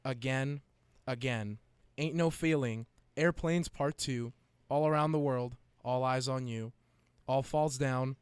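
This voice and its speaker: A young man in casual chat, reading a long list out loud and often breaking into giggles. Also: mid-range voice, slow pace, clean tone, dry recording.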